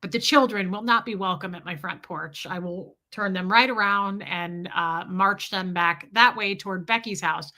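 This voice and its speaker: Bright-voiced chatty woman vlogger. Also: mid-range voice, moderate pace, few pauses. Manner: chatty and candid, with frequent laughter and asides to the audience. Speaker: vlogger talking to her viewers. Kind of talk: casual storytelling and reading out viewer comments.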